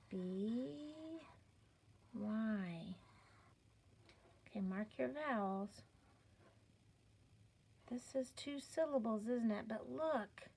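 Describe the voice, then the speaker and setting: A woman's voice: a little high, vocal fry. A woman teaching a children's phonics lesson, sounding out letters patiently and encouraging the learners. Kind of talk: slow step-by-step reading lesson.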